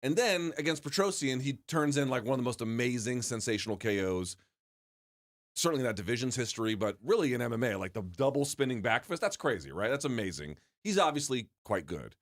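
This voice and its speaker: A man's voice: mid-range voice, sing-song, a little fast. Opinionated man co-hosting. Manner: opinionated, emphatic, rambling restarts. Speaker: podcast co-host. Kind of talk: casual sports debate.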